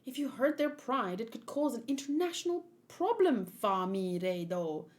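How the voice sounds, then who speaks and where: A woman's voice: on the high side, big pitch swings, normal speed. A woman voicing a protective merman prince, an older brother who talks formally and earnestly. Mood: scolding.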